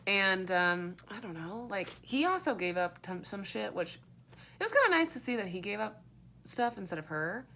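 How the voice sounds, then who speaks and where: A woman's voice: mid-range voice, big pitch swings, moderate pace, bright, forceful tone, a little hiss or hum. A young woman giving a casual, rambling book review, sarcastic and full of fillers and swearing.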